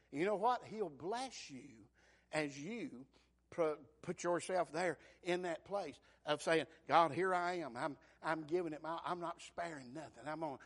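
Male preacher, high and bright, fervent sermon delivery with big loud-soft swings.

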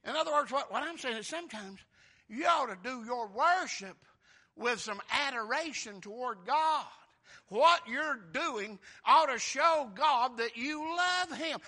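A male pastor preaching a sermon, swinging from quiet asides to shouted praise and calling out to the congregation. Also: very high voice, expressive, unhurried.

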